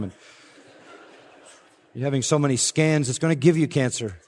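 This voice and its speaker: A man's voice: mid-range voice, moderate pace, long pauses, a little mellow. An older man preaching an expository sermon as pastor, rising to emphatic swells. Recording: long reverb of a large hall.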